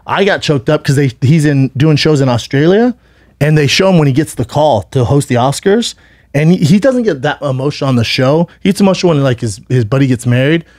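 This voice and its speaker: A man's voice: on the high side, lively intonation, a little fast, a little mellow, no echo, studio quality. A man co-hosting a podcast, telling a long story in casual chat, rambling and acting out what people said, swearing freely. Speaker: podcast co-host.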